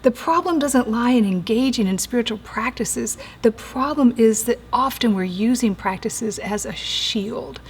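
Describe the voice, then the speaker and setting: A woman in her forties or older, a therapist giving an earnest teaching talk, slowing down and dropping to a soft whisper for emphasis. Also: on the high side, breathy edge. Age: 40s or older.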